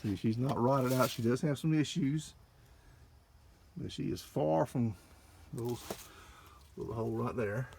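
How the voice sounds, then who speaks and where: An older man, a car dealer, giving an excited, folksy walkaround and talking to viewers as folks, recorded on a handheld camera mic. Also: mid-range voice, a little slow, creaky, long pauses, slight background noise. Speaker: classic car dealer showing a car. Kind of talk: casual walkaround narration.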